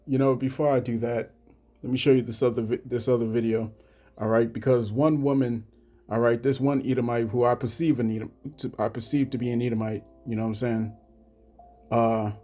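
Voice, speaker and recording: Halting mellow-voiced man preaching. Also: mid-range voice. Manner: halting, repeats "you know what I'm saying". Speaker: religious commentator. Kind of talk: scripture commentary vlog.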